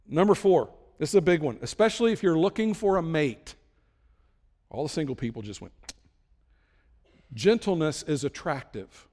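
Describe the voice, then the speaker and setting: A man preaching a conversational sermon as a pastor, emphatic, with sudden loud bursts. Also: on the high side, in a large hall.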